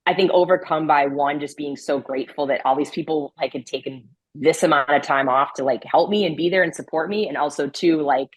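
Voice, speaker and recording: Interview guest: woman, low voice, chatty, filler-heavy, laughs easily, dry close sound. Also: brisk, husky, no echo, poor audio. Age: adult with a grown daughter. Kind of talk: casual podcast interview.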